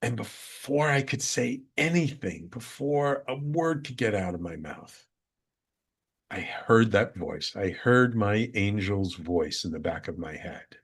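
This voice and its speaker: A man with a slightly low voice tells a personal story on his radio show. He is earnest and reflective, often repeating phrases to drive a point home. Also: lively intonation, unhurried, husky.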